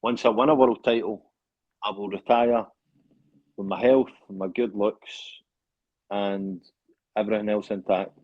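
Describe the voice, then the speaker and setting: A man's voice: lowish voice, fairly even intonation, a little slow, pauses often, no echo, highs cut off. A Scottish man, a fighter being interviewed, talking in a boastful, joking way and swearing a lot. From Scotland. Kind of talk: casual interview chat.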